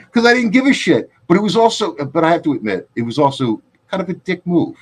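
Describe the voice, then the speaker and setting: Brisk and husky, with a voice on the high side and big pitch swings, this guitarist in his fifties co-hosts a podcast. In casual conversation he spins loose, profane, rambling anecdotes and acts out what people said.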